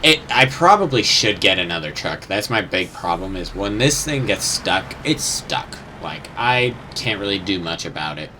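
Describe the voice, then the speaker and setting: A man's voice: deep voice, sing-song, moderate pace, hardly any pauses, bright, forceful tone, slight background noise. Rambling young man narrating gameplay. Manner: rambling, unsure, swears casually, hums sound effects. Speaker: gamer. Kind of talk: casual gameplay commentary.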